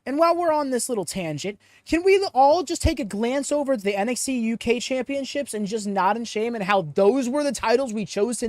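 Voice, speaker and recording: This podcast host has a very high-pitched voice and runs a live show, reading the audience chat aloud with animated, opinionated chatter and rambling tangents. The sound is studio quality with no echo.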